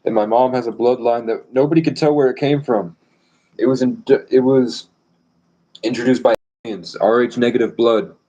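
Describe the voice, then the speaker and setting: A man's voice: mid-range voice, fairly even intonation, moderate pace, warm tone, highs cut off. A man rambling boastfully and provocatively on a live stream.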